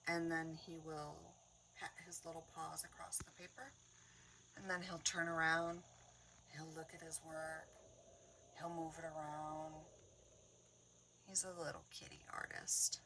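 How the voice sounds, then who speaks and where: Slow-talking woman, chatty with whispered asides. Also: low voice, level tone, distant mic, slight background noise, low-quality recording. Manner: chatty storyteller, laughs often, drops into soft whispered asides. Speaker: craft vlogger. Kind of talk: casual chat while crafting.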